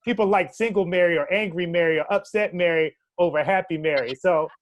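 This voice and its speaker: A man's voice: high-pitched, fairly quick. A male radio host with a New York accent, interviewing casually in a laid-back, slangy way.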